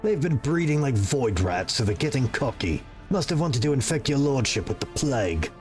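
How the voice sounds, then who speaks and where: A man's voice: medium pitch, big pitch swings, normal speed, darkish tone, faint music behind, natural voice. A man voicing a blunt, contemptuous male officer in a game. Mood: disgusted.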